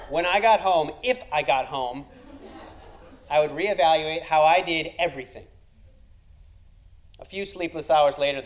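A man's voice: a little high, rough recording. A man telling a comic personal story, wry and self-deprecating, building to punchlines.

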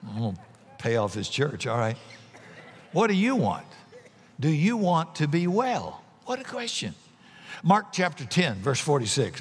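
A middle-aged male pastor preaching a sermon, animated, acting out voices from Bible stories. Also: medium pitch, slightly rough, long reverb tail.

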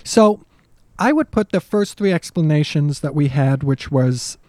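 A man co-hosting a casual history podcast, talking in an animated, emphatic way with frequent restarts. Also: fairly high pitch, unhurried, no echo. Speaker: podcast co-host and history lecturer.

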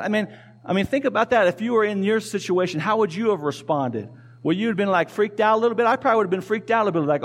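Pastor guy preaching, pretty high voice, chatty, keeps asking the crowd stuff and repeating himself. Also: expressive, a little fast. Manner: conversational, asks the congregation questions, repeats key phrases. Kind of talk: sermon. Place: church.

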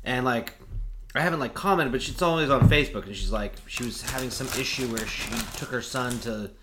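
A man's voice: mid-range voice, a little fast, heavy background noise. A man co-hosting a podcast, telling a long story in casual chat with many fillers. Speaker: podcast co-host.

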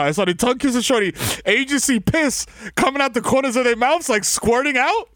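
High-pitched young man telling a crude story. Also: normal speed, a bit bright, no room sound, clean studio sound. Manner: laughs a lot, streetwise slang. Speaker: podcast co-host.

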